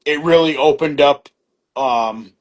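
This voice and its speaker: A man's voice: fairly high pitch, slow. A middle-aged man talking as a podcast guest, in a loose, rambling way, full of fillers and restarts, acting out quoted back-and-forth exchanges and swearing casually. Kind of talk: casual storytelling conversation.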